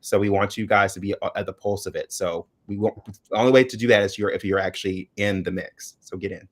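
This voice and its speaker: A man's voice: lowish voice, steady tone, quick pace. A man co-hosting a casual chat show, hesitant and searching for words with many fillers. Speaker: co-host.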